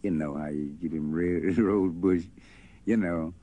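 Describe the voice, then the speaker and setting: A man tells a folk tale with faint guitar behind him, speaking in a relaxed, folksy way. He has a deep, dark-toned voice, and he talks a little slowly with fairly even intonation.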